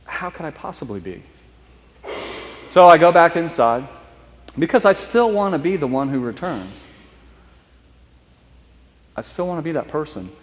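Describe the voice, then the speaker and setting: A man preaching a storytelling sermon, talking in a conversational, halting way and slowing down for emphasis. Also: on the high side, expressive, in a large hall. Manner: conversational, halting restarts, speeds up and slows for emphasis. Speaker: priest. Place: church.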